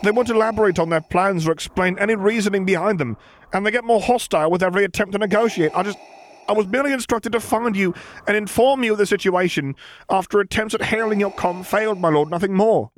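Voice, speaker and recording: A man reading a story, voicing a nervous young officer who explains in a rushed, anxious way. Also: high-pitched, a little hiss or hum, voice pushed up, close to an everyday voice. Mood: flustered. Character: nervous young male officer, flustered and deferential.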